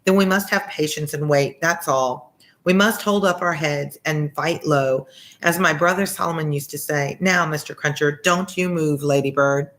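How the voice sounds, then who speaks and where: Woman reading as a brisk, fussy governess. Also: deep voice, a bit bright. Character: prim loyal middle-aged English governess.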